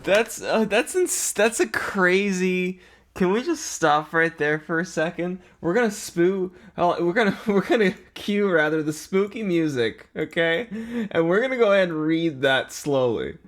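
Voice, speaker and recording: A man's voice: high-pitched, animated, a little slow. A man on a podcast livestream talking casually and profanely, stumbling and restarting mid-sentence. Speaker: podcast co-host.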